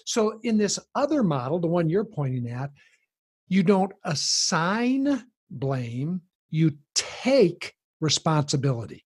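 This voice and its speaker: A man explaining a parenting approach in conversation, animated and acting out the voices of people he quotes. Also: on the high side, slow pace, husky.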